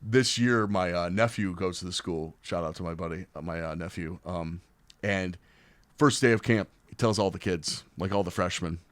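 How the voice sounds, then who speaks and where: A man's voice: low-pitched, normal speed, dry recording. A young man, a podcast guest telling stories in casual chat and acting out the voices of other people. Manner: animated storyteller, acts out quoted voices loudly.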